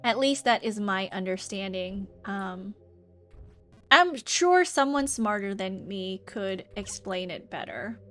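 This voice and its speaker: A woman's voice: medium pitch, animated, slow pace, a bit bright, faint music behind. A woman streamer with a light New Zealand tinge to her American speech, chatting casually and rambling with many fillers while reading and answering chat. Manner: rambling, lots of "like" and "um".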